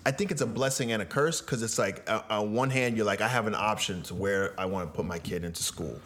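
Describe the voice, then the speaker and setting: A man's voice: on the low side, brisk, fairly bright tone. Casual man hosting a parenting podcast. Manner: casual, loose, many "like" fillers. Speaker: podcast host.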